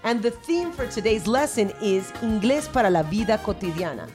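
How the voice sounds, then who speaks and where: A woman's voice: medium pitch, expressive, normal speed, music in the background. A woman co-hosting a podcast, introducing segments in a casual, upbeat way. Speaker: podcast co-host. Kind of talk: casual bilingual podcast chat.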